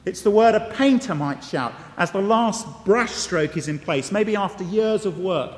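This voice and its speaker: A man's voice: high-pitched, expressive, normal speed. A man preaching a sermon, conversational and emphatic, with wry asides and repeated key phrases. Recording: long reverb of a large hall.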